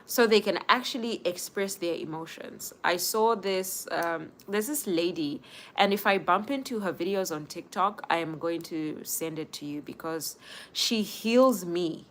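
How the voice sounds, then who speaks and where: A woman's voice: lowish voice, a little slow, fairly bright tone. A young woman hosting a casual live stream, speaking earnestly and giving advice straight to her viewers. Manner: earnest, advising viewers directly.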